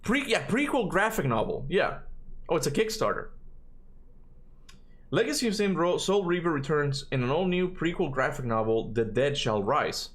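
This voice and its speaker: A man's voice: a little high, very animated, normal speed, a bit bright. A man in his thirties, not a native English speaker, chatting casually on a livestream, rambling and tagging his points with questions, his voice cracking now and then. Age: 30s. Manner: rambling, tags questions with "right?". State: occasional voice cracks. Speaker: streamer.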